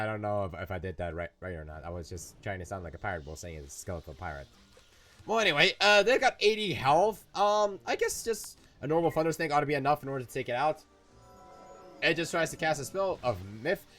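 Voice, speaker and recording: A young-adult gaming YouTuber records let's play commentary in a medium-pitched, fairly bright voice. He rambles playfully and frequently corrects himself.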